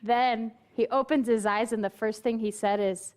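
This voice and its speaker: A woman's voice: fairly high pitch, steady tone, normal speed, a little hiss or hum. A woman minister preaching a sermon, telling a story and putting on quoted voices, and asking the congregation questions directly.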